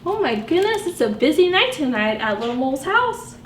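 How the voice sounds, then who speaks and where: A woman librarian reading picture books aloud to young children, animated and sing-song, asking them questions as she goes. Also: high voice, fairly quick. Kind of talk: storytime read-aloud for children. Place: library room. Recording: echoey room with faint background noise.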